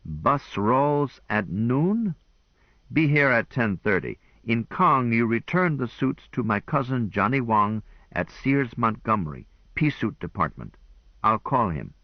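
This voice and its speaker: A man voicing a brisk, businesslike male tailor, in a dull lo-fi recording. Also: mid-range voice, very animated, no echo, pitched above the performer's own voice.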